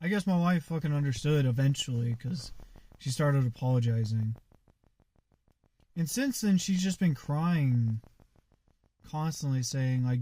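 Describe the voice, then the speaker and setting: A man venting in a casual monologue, rambling and halting with lots of fillers and frequent swearing. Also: mid-range voice, animated, mellow.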